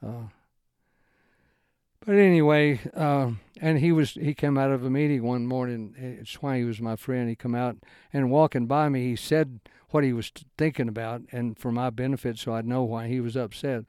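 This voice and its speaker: Mellow-voiced man teaching scripture informally. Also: fairly even intonation, normal speed, clean tone, dry recording, studio quality. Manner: rambling, with broken sentences and restarts; swings into emphatic raised-pitch lines. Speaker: Bible teacher. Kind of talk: informal Bible study talk.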